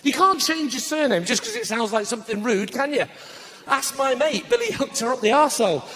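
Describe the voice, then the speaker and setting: High-voiced cheeky stand-up man. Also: expressive. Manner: brisk, cheeky, bursts into shouted punchlines. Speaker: stand-up comedian. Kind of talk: live stand-up comedy. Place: live comedy stage before an audience.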